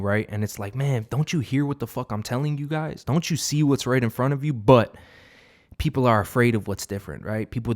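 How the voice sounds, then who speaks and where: A man's voice: mid-range voice, darkish tone. A young man giving an unscripted, profane motivational monologue as a vlogger, rambling with many fillers and restarts.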